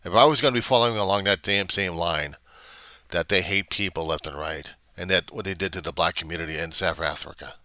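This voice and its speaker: A man's voice: sits low, brisk, sharp tone, no echo. An older man, a reverend, ranting in a rambling, indignant way and swearing often. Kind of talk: casual rant on camera.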